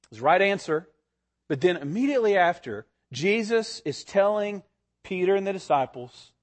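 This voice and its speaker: Expressive preacher man, slightly high voice. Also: normal speed. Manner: expressive, varies pitch and pace for emphasis. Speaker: pastor. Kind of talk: sermon.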